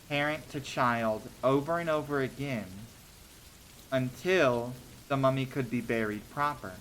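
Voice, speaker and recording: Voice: medium pitch, a bit bright, a little hiss or hum. A streamer telling short stories on a casual livestream, hesitant with many ums and restarts, laughing between thoughts.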